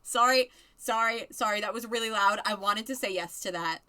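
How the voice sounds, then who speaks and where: A woman's voice: mid-range voice, normal speed. A young woman giving casual, chatty let's-play commentary on a life-simulation game, laughing often. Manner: giggly, chatty, animated. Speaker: gaming video creator.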